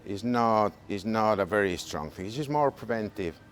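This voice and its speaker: A man's voice: fairly low pitch, expressive. A man with a Spanish accent, a non-native English speaker, patiently explaining gardening as a guest on a radio interview. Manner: patient, repeats points, slightly halting English.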